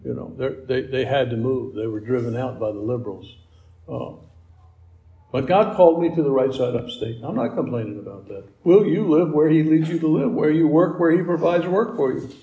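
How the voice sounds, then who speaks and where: A man's voice: on the high side, vocal fry, mellow, reverberant. A man preaching a sermon as pastor, building emphasis with repeated rhetorical questions.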